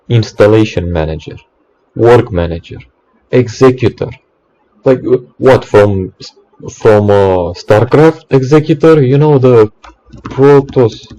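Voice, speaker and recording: A man's voice: fairly low pitch, warm tone, rough recording. A man, an electrician, in an exasperated ranting monologue, swearing often and stumbling over restarts.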